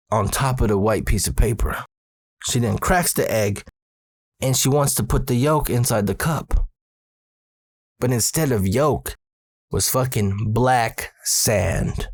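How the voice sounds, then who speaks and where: A man's voice: medium pitch, a little slow, dry recording, clean studio sound. A man in his forties, a podcast host, casually retelling a personal ghost story with plenty of swearing. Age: 40s.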